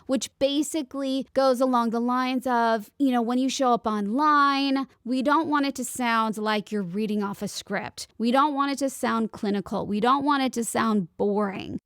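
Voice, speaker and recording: A woman's voice: on the high side, no room sound, studio quality. A young woman hosting a solo podcast, giving upbeat, chatty advice as a voiceover actor.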